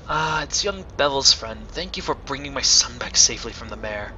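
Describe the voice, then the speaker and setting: A man voicing a worried old village widow, speaking softly, slowly and mournfully. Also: medium pitch, expressive. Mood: sad. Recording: slightly dull recording with faint hiss.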